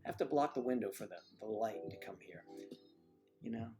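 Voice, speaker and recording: Rambling male livestream host over loud music. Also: animated, a little fast. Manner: rambling, profane, jumps into high-pitched acted quotes. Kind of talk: casual livestream chat. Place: home livestream. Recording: loud music playing behind.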